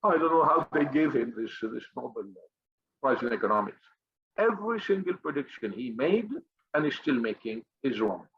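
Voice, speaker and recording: A man with a husky, slightly breathy voice delivers a fiery, profane motivational rant, blunt and combative. The recording is dry and close, with a dull, somewhat lo-fi sound. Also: mid-range voice, expressive, moderate pace, a bit bright, no room sound. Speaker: finance group leader. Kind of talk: impassioned motivational monologue.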